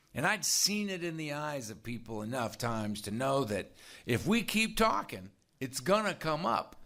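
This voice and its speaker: Guy sharing his recovery story at a meeting, bright voice, chatty and candid. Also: a little high. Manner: candid storytelling, conversational, frequent "right?". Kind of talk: personal recovery talk to an audience.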